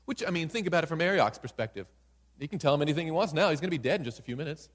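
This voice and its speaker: A man delivers a sermon, his voice sitting a little high. He tells the story in an animated way and tosses in playful asides. A long reverb trails behind him, like in a large church hall. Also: rapid-fire. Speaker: preacher.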